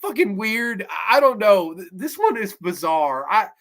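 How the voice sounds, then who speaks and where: A man's voice: high-pitched, big pitch swings, a little slow, fairly bright tone. A man hosting a casual review show, rambling and profane with lots of filler words. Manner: mimics characters in exaggerated voices. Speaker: host reviewing horror episodes.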